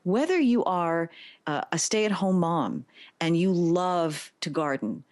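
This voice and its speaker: Low-voiced woman broadcaster, dry sound. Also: lively intonation, takes it slowly, darkish tone, no echo. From New York (the Bronx). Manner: upbeat, smooth broadcaster delivery. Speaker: radio host and interview teacher, guest. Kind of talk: conversational interview answers.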